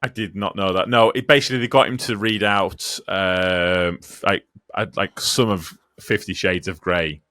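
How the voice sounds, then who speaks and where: A man co-hosting a podcast in excitable banter, often losing his train of thought and swearing. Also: deep voice, moderate pace, few pauses, dry recording, studio quality. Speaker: podcast co-host.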